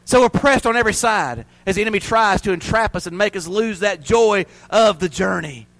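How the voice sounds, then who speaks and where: High-voiced preacher, dry sound. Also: male voice, a little fast, creaky, no echo, poor audio. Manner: storytelling preacher, builds to loud fervent peaks. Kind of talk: sermon.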